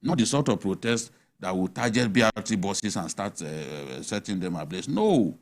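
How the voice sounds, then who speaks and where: Deep and sing-song, this man's voice moves at a moderate pace. He has a Nigerian accent and, as a TV panel guest in a heated studio debate, argues forcefully and asks rhetorical questions.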